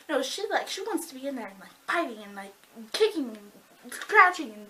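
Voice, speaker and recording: Young female book vlogger, high pitch, excitable and chatty, lots of "like". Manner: bubbly, giggly, fast, lots of "like". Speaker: book reviewer. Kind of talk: casual book review vlog.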